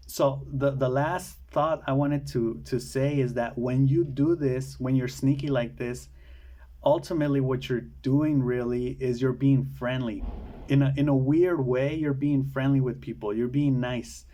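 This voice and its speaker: A man's voice: mid-range voice, warm tone. A man talking casually to camera in a rambling monologue, with many fillers and repeated words. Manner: mimics people from a film in quick put-on voices. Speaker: video essayist.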